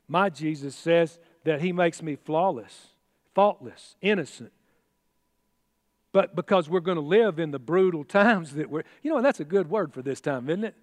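A man's voice: on the high side, no room sound, studio quality, long reverb tail. A man preaching a sermon in a folksy, exclamatory way, with chatty asides. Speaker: pastor.

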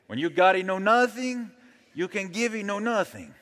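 A man's voice: sits high, animated, normal speed, a bit bright, in a large hall, voice pushed up. A man putting on a playful mock Mexican Spanish accent to tease his congregation. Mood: teasing. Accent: put-on Mexican Spanish. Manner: playful, teasing.

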